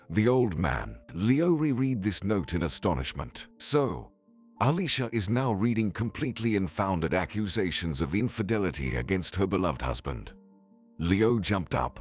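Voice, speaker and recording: A man narrating a scripted family drama story in a calm, even way. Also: deep voice, moderate pace, slightly rough, faint music behind.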